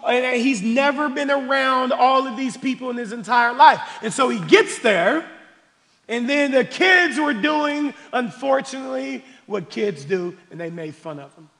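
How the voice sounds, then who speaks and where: A male pastor preaching a sermon, calling the congregation y'all and swinging between quiet questions and shouted declarations. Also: extremely high pitch, lively intonation, normal speed. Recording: long hall reverb.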